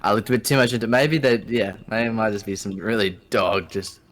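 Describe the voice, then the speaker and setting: A man's voice: on the low side, brisk, a bit bright. A man, hesitant and self-analytical in casual podcast chat. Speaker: podcast co-host.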